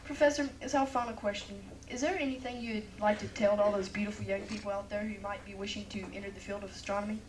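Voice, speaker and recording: A woman's voice: mid-range voice, fairly even intonation, quick pace, hardly any pauses. A woman playing an interviewer in an amateur comedy skit, asking earnest questions and giggling. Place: dinner theater hall with audience. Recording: distant camcorder, noisy room with crowd.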